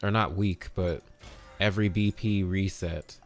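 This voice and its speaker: Casual game streamer, male, lowish voice, chatty and upbeat, faint game music under him. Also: fairly even intonation, measured pace. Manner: upbeat, greets chat viewers by name, swears casually. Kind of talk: casual live-stream chat.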